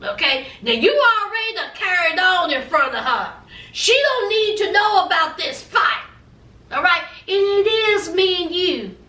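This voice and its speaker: A woman's voice: very high-pitched, sing-song, unhurried, bright, forceful tone, distant mic, heavily acted. A woman voicing an earnest young man pleading with his partner, in a coaxing, persuasive way. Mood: reassuring. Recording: echoey room, away from mic.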